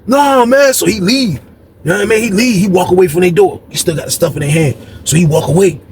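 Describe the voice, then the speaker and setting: A man's voice: high-pitched, fast talker, darkish tone, a little hiss or hum. A man from Norfolk, telling a story casually and animatedly, full of slang, constantly saying "man" and "bro". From Norfolk, Virginia.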